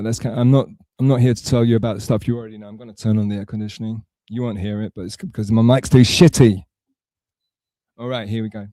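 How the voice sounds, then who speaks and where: A man's voice: fairly low pitch, mellow, no room sound. A man from England talking on a livestream, rambling and self-mocking, with a sarcastic, digressive way of telling a story. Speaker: streamer.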